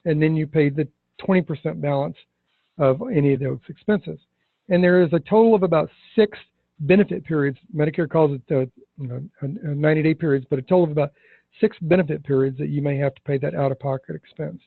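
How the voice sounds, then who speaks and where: A man's voice: on the high side, gravelly, dry recording. Emphatic male sales trainer, tinny audio. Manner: emphatic, slows down to stress words.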